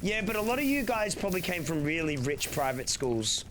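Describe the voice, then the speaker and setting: Animated Australian man streaming. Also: on the high side, brisk. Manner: rambling, animated, swears freely. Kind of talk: casual gaming stream chat. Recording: steady background noise.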